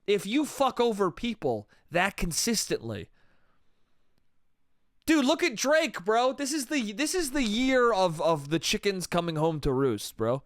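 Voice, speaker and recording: A man's voice: sits high, very animated, unhurried, a bit bright, no room sound, clean studio sound. A man hosting a solo comedy podcast, rambling casually and swearing, with "dude" and "bro" at the end of his sentences. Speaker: podcast host.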